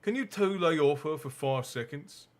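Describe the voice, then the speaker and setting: A man voicing a quick-tempered, defensive teenage boy in a storybook reading. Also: fairly high pitch, big pitch swings, husky, voice pushed up.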